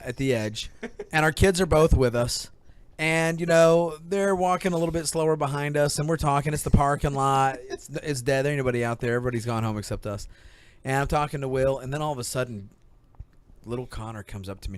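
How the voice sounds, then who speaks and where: A man in his thirties hosting a casual podcast, telling stories animatedly and acting out quotes. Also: mid-range voice. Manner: animated storyteller, acts out quotes. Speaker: podcast host. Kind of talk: casual chat, storytelling.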